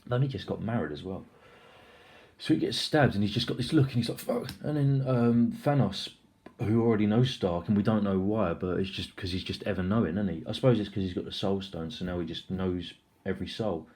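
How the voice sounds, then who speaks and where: A young man giving a casual, rambling film review, excitable and full of swearing and filler words. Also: on the low side, brisk.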